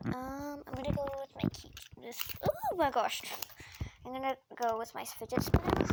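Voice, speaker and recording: A woman's voice: high voice, expressive, moderate pace. A female vlogger chatting casually while stacking toys, nervous and full of "like" and "oh my gosh". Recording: loud clicking noise behind voice.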